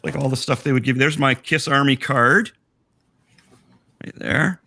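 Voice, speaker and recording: A man talking over a video call with a bright, forward voice that is getting a little hoarse. He rambles excitedly and keeps interrupting himself, in a loose, casual-chat way. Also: medium pitch, a little slow, a little hiss or hum. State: losing his voice, hoarse. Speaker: collector showing memorabilia.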